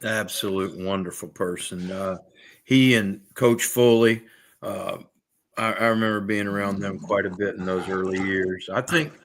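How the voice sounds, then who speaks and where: Older ex-coach; low-pitched, soft-spoken reminiscer. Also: male voice, fairly even intonation, moderate pace.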